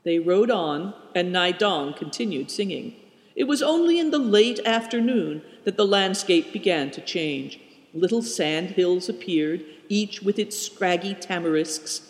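A man narrating a storybook in a measured way. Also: high-pitched, lively intonation. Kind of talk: audiobook narration. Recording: roomy with a long reverb.

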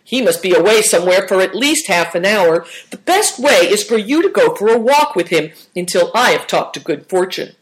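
A woman voicing an eager, stubborn young boy in a storybook reading, her voice raised higher than her narration. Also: expressive, normal speed, hardly any pauses, close to an everyday voice, rough recording. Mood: insistent.

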